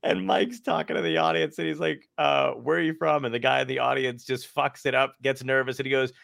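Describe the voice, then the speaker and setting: A man's voice: medium pitch, little pitch movement, brisk, vocal fry, fairly bright tone, dry recording, studio quality. A male comedian hosting a podcast, bantering casually, laughing a lot and swearing freely.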